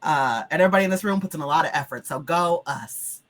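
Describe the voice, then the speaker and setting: A woman hosting as game master, her voice lower than usual because she is sick, in a chatty opening. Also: lively intonation, fast talker. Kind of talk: casual stream opening.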